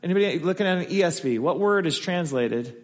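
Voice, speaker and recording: A man's voice: high-pitched, expressive, fast talker. A man preaching a conversational sermon as pastor, acting out the voices he quotes. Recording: long hall reverb.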